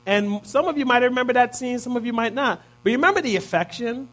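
A man's voice: extremely high pitch, animated, quick pace, fairly bright tone. A man in his thirties giving a conversational sermon, often checking in with listeners by asking "right?". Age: 30s. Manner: casual, peppers points with "right?". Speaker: preacher.

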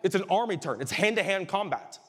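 A male pastor preaching a sermon with animated delivery that rises to shouts. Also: high-pitched, brisk. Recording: reverberant hall.

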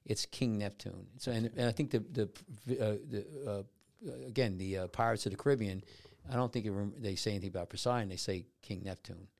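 Gravelly low-voiced man rambling. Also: brisk, darkish tone. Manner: rambling with many restarts and fillers. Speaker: podcast guest answering trivia. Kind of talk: casual podcast chat.

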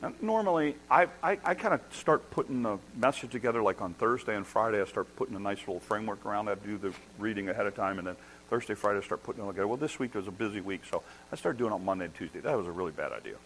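A middle-aged man preaching a sermon as a pastor, telling a story with animated, self-deprecating humor and excited restarts. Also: lowish voice, rapid-fire, slight background noise, poor audio. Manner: restarts and repeats words when excited.

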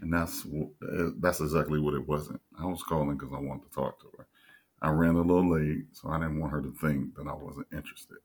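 Co-host, very low-voiced man, husky, young, animated storyteller. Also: fairly quick. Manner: animated, acts out other voices in a high pitch. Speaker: podcast co-host. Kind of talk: casual storytelling chat.

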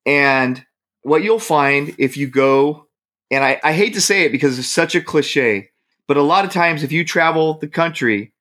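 In an easygoing chat, a guest from the San Francisco Bay Area animatedly recounts a story, laughing as he plays out others' words. His voice is slightly high, and his pace is moderate.

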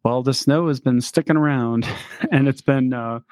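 A Chicago man co-hosting a podcast chats casually at normal speed in a medium-pitched, somewhat mellow voice. He rambles, fills in with lots of fillers and laughs. The recording is dry.

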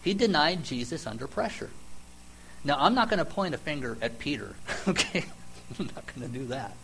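A man preaching a sermon, retelling the story in a conversational, emphatic way with dramatic pauses and repeated questions. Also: fairly high pitch, very animated, vocal fry, fairly bright tone, slight background noise, rough recording.

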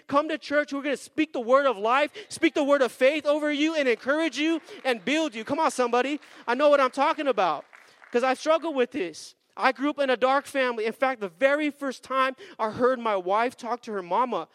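A male pastor delivers an energetic sermon, his voice sitting unusually high for a man. He drives home points with call-and-response and slows down on key phrases. The sound is dry and close, with little room around it. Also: no room sound. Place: church sanctuary.

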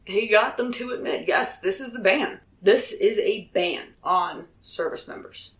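A man's voice: high-pitched, a bit bright. A young man, a soldier, talking candidly and earnestly about his life, swearing freely and laughing between thoughts. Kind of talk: candid personal vlog. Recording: roomy echo.

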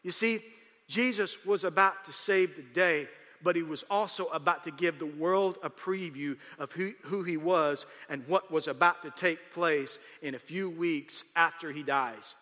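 A man's voice: fairly high pitch, unhurried, bright, forceful tone. A man preaching a sermon, retelling a scripture story and then building emphasis as he explains it to the congregation. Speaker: pastor. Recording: long hall reverb.

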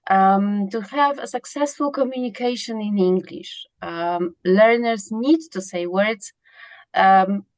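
A woman's voice: medium pitch, slow, no room sound. A woman researcher answering interview questions in a hesitant way, with many fillers and restarts. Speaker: guest, pronunciation researcher.

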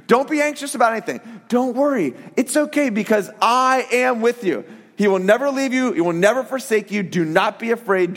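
A middle-aged pastor with a high voice preaches to his congregation, talking as if chatting with friends and acting out little quotes in his stories. His voice carries a long reverb from the hall around him. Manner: conversational, animated storytelling with acted quotes. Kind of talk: sermon.

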